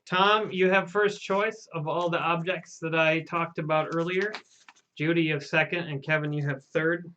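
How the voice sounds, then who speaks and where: Bright-voiced wry male host. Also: fairly high pitch, fairly even intonation, moderate pace, muffled recording, a little hiss or hum. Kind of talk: casual live stream banter.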